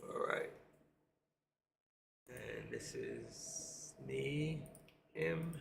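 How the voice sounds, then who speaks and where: A man's voice: mid-range voice, huge pitch swings, extremely slow, vocal fry, a little hiss or hum. A middle-aged man with a New York accent, chatting casually on his trading live stream and reading viewer comments aloud.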